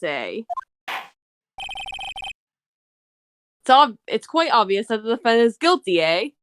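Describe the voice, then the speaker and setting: A woman's voice: a little high, fairly bright tone, a little hiss or hum. A woman voicing a hasty old male judge in a game who snaps out rulings and ends his sentences with "eh". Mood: smug. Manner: blunt, snappish, tacks "eh" onto sentences.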